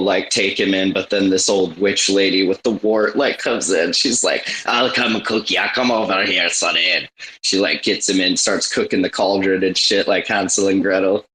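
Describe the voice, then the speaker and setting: A man's voice: low-pitched, fairly bright tone, low-quality recording. A man in casual chat, joking and teasing while swearing freely.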